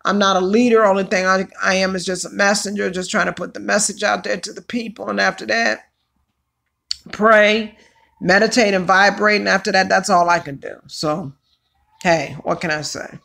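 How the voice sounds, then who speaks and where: A woman hosting a casual livestream, chatty and hoarse from allergies, exclaiming and calling out to her viewers. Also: medium pitch, steady tone, moderate pace, a bit bright. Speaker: livestream host.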